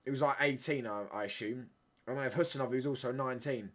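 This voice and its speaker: Young male streamer, excitable football reactions, slangy banter, bright tone. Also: mid-range voice, fairly quick. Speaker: watchalong streamer. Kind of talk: live football watchalong reaction.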